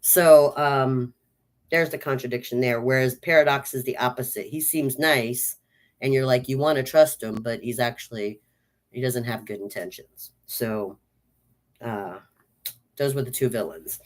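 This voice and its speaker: A woman's voice: very deep voice, unhurried. A woman giving a casual spoken movie review, chatty and enthusiastic, with lots of "like" and "um".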